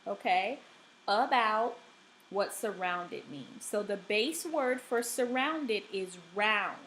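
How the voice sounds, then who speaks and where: A woman teacher giving a recorded reading lesson, speaking deliberately and checking in often with the class. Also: medium pitch, fairly bright tone, slight background noise, rough recording. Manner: slow, deliberate, checks in with frequent "okay?".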